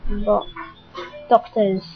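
A woman's voice: mid-range voice, takes it slowly, faint music behind. Playful woman on a tinny line. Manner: playful, excitable, keeps saying "wicked". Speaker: video maker showing software effects. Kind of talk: casual webcam demo.

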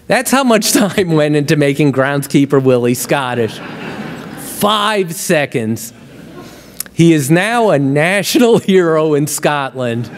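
A man's voice: on the high side, big pitch swings, slow pace, a crowd in the background. A man, a comedy writer, telling behind-the-scenes stories to an audience in a wry, punchline-driven way. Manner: wry, punchline-driven, gets louder and livelier at the jokes. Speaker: TV comedy writer and guest speaker. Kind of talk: storytelling talk to an audience. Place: lecture hall with a live audience. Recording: long hall reverb.

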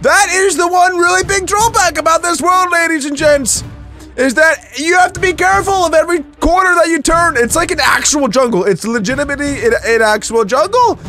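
A young man giving excitable let's-play commentary, yelping and shouting at surprises, with quick asides to viewers. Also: very high-pitched, soft background music. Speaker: gaming YouTuber.

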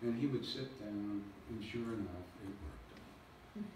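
A man's voice: on the low side, slow. A man gives a public lecture, explaining slides with self-deprecating jokes. His voice carries a heavy hall echo and sounds like it was caught from a distance. A faint hiss sits underneath it. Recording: echoey hall recording from far off.

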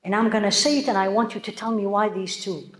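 Woman, religious teacher, emphatic, rhetorical questions, mid-pitched voice, roomy echo. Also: steady tone, fast talker. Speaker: Islamic teacher. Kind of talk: religious lecture to a women's audience. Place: room with women listeners.

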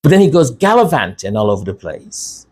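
A man's voice: medium pitch, very animated, a little fast, a little mellow, slightly rough. A man hosting a raw commentary monologue, impassioned and sarcastic. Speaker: channel host.

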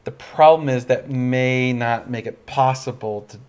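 A man's voice: medium pitch, measured pace, a little mellow, smooth. Young guy hosting a live stream, kinda tired, rambles and laughs a lot. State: tired, yawning. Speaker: livestream host. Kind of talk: casual livestream chat.

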